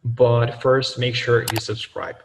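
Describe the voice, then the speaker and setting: A man's voice: medium pitch, little pitch movement, distant mic, slight background noise. Man teaching grammar in a reverberant room. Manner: many fillers and self-corrections, slows down for examples. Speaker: language teacher. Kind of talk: explaining grammar to learners.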